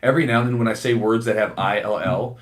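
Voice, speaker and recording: A man with a faint Southern US accent, hosting a casual podcast chat, talking fast with many fillers and restarts. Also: lowish voice, steady tone. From American South. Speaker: podcast host and jiu-jitsu instructor.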